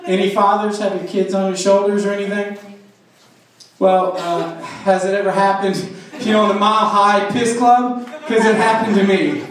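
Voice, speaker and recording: A man's voice: high-pitched, fairly even intonation, moderate pace, slight background noise. A man doing a stand-up comedy set, telling crude stories and teasing the crowd. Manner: crude storytelling with crowd work. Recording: echoey club from far off.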